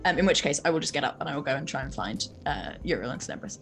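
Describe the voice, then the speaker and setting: A woman playing a tabletop game, thinking aloud about her character in an excitable way with many fillers. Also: extremely low pitch, rapid-fire, music in the background. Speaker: player. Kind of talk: tabletop game player talk.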